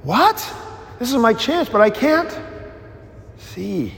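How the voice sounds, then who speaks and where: Man doing a pleading blind beggar, high and urgent, in a reverberant hall. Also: sing-song, takes it slowly, gravelly, full character voice. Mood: desperate. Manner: pleading, crying out.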